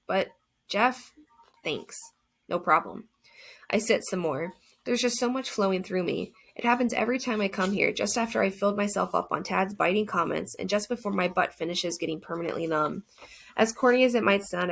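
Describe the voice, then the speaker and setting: A woman's voice: medium pitch, brisk, vocal fry. A woman reading a first-person novel aloud as an audiobook narrator, earnest and reflective.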